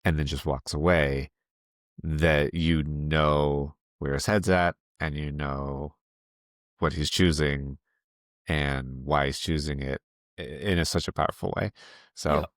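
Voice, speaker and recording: A man co-hosting a film podcast in casual chat, halting and restarting mid-sentence, laughing at himself. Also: rumbling low, fairly even intonation, no room sound, studio quality. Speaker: podcast co-host.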